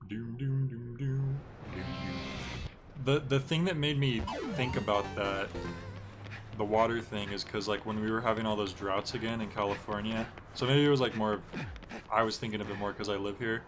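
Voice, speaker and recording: A man's voice: on the low side, fairly even intonation, a little fast. A man streaming a video game, chatting in an easygoing, rambling way with lots of fillers. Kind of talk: casual gameplay commentary. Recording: game music playing behind.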